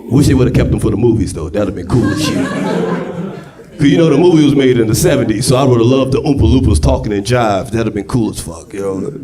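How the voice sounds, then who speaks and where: A male stand-up comedian doing a profane, conversational set on stage, now and then breaking into shouts, with audience laughter throughout. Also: mid-range voice, a little fast. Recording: live club crowd laughter.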